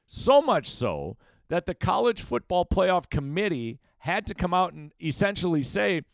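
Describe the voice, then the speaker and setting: Animated, opinionated male sports podcaster. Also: sits high, measured pace, creaky, no room sound. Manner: opinionated, emphatic, rhetorical questions to listeners. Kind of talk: solo sports opinion commentary.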